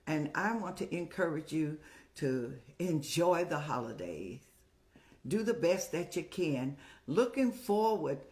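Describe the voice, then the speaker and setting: An older woman hosting an advice show, talking in a folksy, motherly, preaching way. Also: low voice. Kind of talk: casual advice talk.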